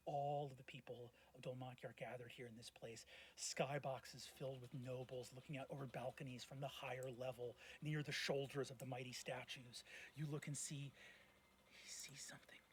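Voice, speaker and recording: A man, the game master, narrating a tabletop game in a hushed, dramatic, often whispered way. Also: medium pitch, slight background noise.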